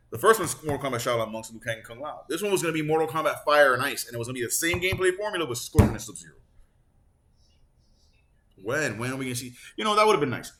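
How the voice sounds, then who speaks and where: A man hosting a gaming channel, ranting casually and sarcastically with lots of swearing, a bit stuffed up. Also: medium pitch. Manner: profane, animated, sarcastic. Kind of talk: casual on-camera rant.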